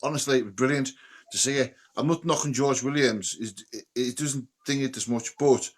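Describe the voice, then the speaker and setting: A man talking as a guest on a casual sports podcast, excitable and repeating himself. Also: mid-range voice, fairly quick.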